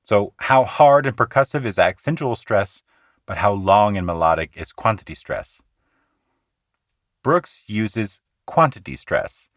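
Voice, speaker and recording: A man with a fairly low voice leads a poetry lesson for his podcast. He is earnest and conversational, rushing through asides and slowing right down to sound out rhythms. The sound is dry and close, with no room around it. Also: lively intonation, dry recording. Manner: earnest, explanatory, slows down to recite lines rhythmically. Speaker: podcast host teaching poetry.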